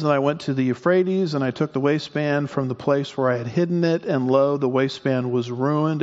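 A man preaches a verse-by-verse sermon in a church sanctuary, his voice a touch higher than most men's. He jokes with the congregation in a folksy way and now and then trips over a word. The sound is a little muffled and rings with a long hall reverb. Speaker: pastor.

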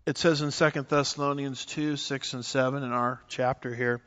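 A man's voice: mid-range voice, flat delivery, moderate pace, few pauses, fairly bright tone, lo-fi sound. A man preaching a sermon, teaching with emphasis and citing scripture verses as he explains. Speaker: pastor.

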